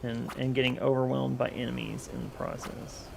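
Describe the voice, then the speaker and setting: A man's voice: medium pitch, flat delivery, moderate pace, vocal fry, very noisy. A young man streaming a game, chatting casually, rambling and joking back at his chat.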